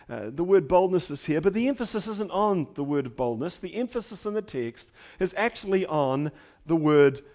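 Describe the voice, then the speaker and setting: A middle-aged male pastor preaching a sermon, building to emphatic declarations and dropping to quiet, conversational asides, often repeating himself as he restarts phrases. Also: fairly high pitch.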